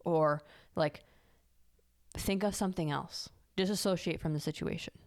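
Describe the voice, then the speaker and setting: A woman's voice: sits low, moderate pace. A young woman co-hosting a podcast in casual chat, frank and candid, a little self-mocking. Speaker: podcast co-host.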